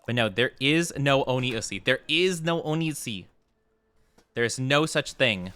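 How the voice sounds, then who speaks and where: Playful, bright-voiced male game streamer. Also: mid-range voice, animated, moderate pace, clean tone, no echo. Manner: playful, flustered denials when chat teases. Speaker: VTuber streamer. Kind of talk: live gameplay stream commentary, reading chat.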